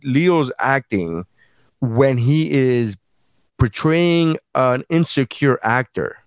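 A man hosting a casual streamed chat, rambling through his opinions with plenty of swearing and self-deprecation. His voice sits at an ordinary pitch and sounds dry and close to the mic. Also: expressive, takes it slowly, clean tone, no room sound. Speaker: podcast host.

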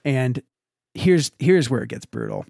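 With a measured pace and vocal fry, this young podcast co-host tells a lively story during casual chat, imitating others' voices with sharp pitch jumps. The sound is dry and studio quality.

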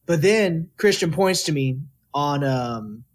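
Young male guest, early twenties, from Texas. Animated storyteller, voice a touch high. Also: takes it slowly. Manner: animated, quotes people in lively voices. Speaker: guest musician. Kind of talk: casual storytelling interview.

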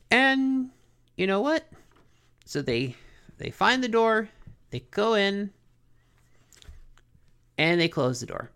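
Gravelly podcast host recapping a cartoon, slow and animated, joking around. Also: medium pitch. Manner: animated, joking, self-questioning. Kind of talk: episode recap commentary.

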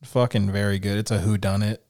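A man's voice: on the low side, little pitch movement, brisk, a little mellow, no echo, clean studio sound. A man co-hosting a podcast in casual chat, blunt and profane. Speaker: podcast co-host.

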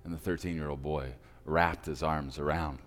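A male preacher telling a story in a sermon, with dramatic pauses and slowing for emphasis. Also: very deep voice, steady tone. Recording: reverberant hall with faint music.

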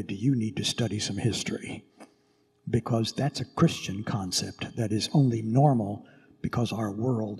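A priest giving a Christmas Eve homily in a dramatic storytelling manner, recorded in a large church. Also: male voice, on the low side, warm tone, breathy edge. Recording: echoey church with long reverb.

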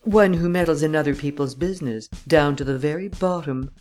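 A man doing a cool, mocking gentleman adventurer. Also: a little high, a little fast, faint music behind, natural voice. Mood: commanding. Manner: mocking, calm authority.

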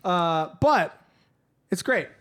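Brief: male podcast host, animated pitch, jokey casual delivery. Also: clear, resonant tone. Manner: animated, joking, quick to laugh. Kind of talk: casual movie review chat.

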